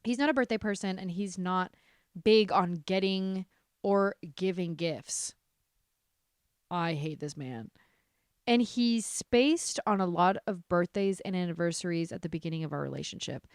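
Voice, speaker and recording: A woman's voice: on the low side, a little slow, clear, resonant tone, dry recording, studio quality. A young adult woman hosting a podcast, reading online stories aloud and breaking off into heated, profane reactions. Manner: animated, swears often, reacts heatedly while reading. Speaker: podcast host. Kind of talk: casual podcast chat reading reddit stories.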